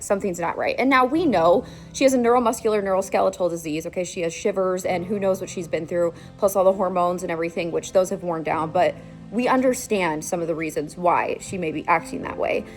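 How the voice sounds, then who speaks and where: A woman hosting a horse vlog, telling a story in a chatty, emphatic way, full of "like" and "okay?", with quoted dialogue. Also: fairly low pitch. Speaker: horse channel host.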